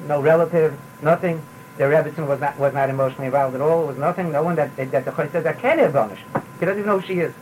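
A man's voice: a little high, a little hiss or hum, poor audio. A man giving a sermon as a rabbi, repeating words and mixing in Yiddish phrases. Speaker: rabbi giving a Torah talk.

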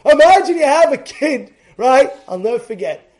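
An excitable man with a strikingly high voice, teaching a Torah lesson. He restarts and repeats phrases and keeps bursting into shouts to drive his point home. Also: normal speed. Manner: excitable, often breaks into shouting.

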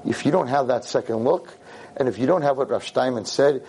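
Animated rabbi telling a story. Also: male voice, mid-range voice, normal speed, slight background noise. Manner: animated, acts out quoted voices. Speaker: rabbi and teacher. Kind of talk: convention speech with storytelling.

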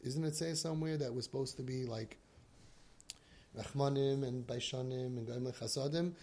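A man's voice: medium pitch, moderate pace, mellow. A man, a parenting coach telling stories on a podcast and mixing Yiddish and Hebrew words into his talk.

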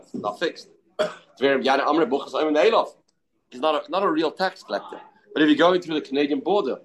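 A man with a slightly high, fairly bright voice leads an informal Talmud study class. He thinks aloud, responds to students, and weaves Hebrew and Aramaic terms into his English.

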